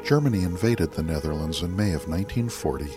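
Very deep-voiced male narrator over music. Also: lively intonation, quick pace. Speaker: podcast narrator. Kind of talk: scripted narration.

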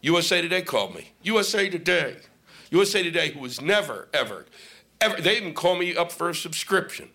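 A man's voice: a little high, big pitch swings, brisk, sharp tone, a little hiss or hum. A middle-aged male stand-up comic on stage, ranting in a sarcastic, profane way. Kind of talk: stand-up comedy set. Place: comedy stage before a live audience.

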